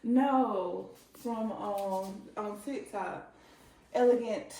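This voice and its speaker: A woman's voice: fairly high pitch, a little slow, creaky, mellow, slight background noise. A woman giving a casual, chatty home decor tour, pointing out items as she walks from room to room. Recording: echoey room.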